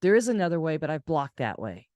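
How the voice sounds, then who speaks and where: A woman who is a caregiver and hosts her own channel tells a personal story in a casual vlog, speaking fast. She's animated and acts out the dialogue she quotes, pitching those voices higher. There's no room sound.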